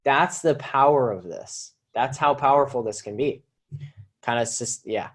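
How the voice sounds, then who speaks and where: A man's voice: medium pitch, unhurried. A man with a mid-range voice teaches copywriting in a live online session. He talks with energy and in a casual way, often restarting and repeating phrases. He sounds like he is at a desk mic by his computer. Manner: energetic, conversational, repeats himself. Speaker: marketing teacher.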